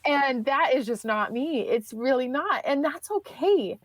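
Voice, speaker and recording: A woman's voice: high-pitched, animated, measured pace. A woman in her thirties, a podcast guest telling a personal story in a chatty way, full of fillers and restarts.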